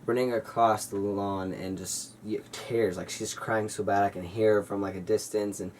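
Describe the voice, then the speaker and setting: A man's voice: lowish voice, steady tone, normal speed, a little mellow, far from the mic, slight background noise, rough recording. A young man vlogging, telling a personal story in a rambling, earnest way with lots of fillers, now and then acting out what people said. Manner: rambling, filler-heavy, earnest retelling with acted-out quotes. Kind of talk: casual storytelling to camera.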